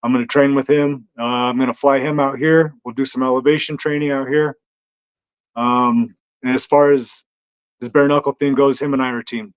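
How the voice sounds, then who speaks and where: Male fighter guest, relaxed storyteller, halting and easygoing, muffled lo-fi audio. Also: mid-range voice, clear, resonant tone. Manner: easygoing, hesitant, lots of ums. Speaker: bare knuckle fighter, guest. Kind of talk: casual interview storytelling. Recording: dull lo-fi sound.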